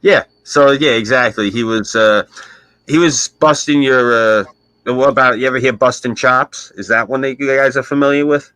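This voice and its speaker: A man's voice: mid-range voice, normal speed, a bit bright, dry recording, poor audio. Brash New York-accented man. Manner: brash, profane storyteller. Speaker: stream host. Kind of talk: casual chat.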